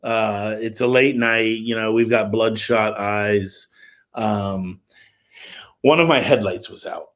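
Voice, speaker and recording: A middle-aged man, a music promoter, casually telling an animated story on a livestream call, with lots of filler words. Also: fairly low pitch, slow.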